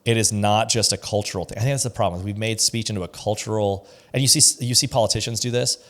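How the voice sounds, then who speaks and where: A fast-talking pastor co-hosts a casual podcast, his fairly low, fairly bright voice staying fairly even in intonation. He shares his views emphatically and with strong opinions, acting out the voices of people he quotes.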